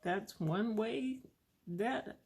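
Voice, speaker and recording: A woman calmly telling a personal parenting story in a relaxed, unhurried way. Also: medium pitch. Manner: slow, calm, gravelly storytelling.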